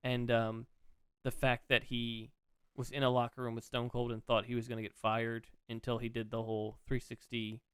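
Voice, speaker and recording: An excitable man rambling through a casual podcast chat, piling on asides as he goes. His voice is smooth and clear, recorded close and dry with no room around it. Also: medium pitch, normal speed, few pauses, dry recording. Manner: rambling, excitable, swears freely. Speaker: podcast co-host.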